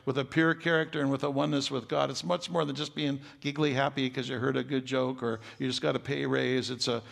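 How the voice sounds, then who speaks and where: An older man preaching a sermon as pastor, folksy and joking, building to loud emphatic stretches. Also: medium pitch, level tone, a little fast, gravelly. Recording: long hall reverb.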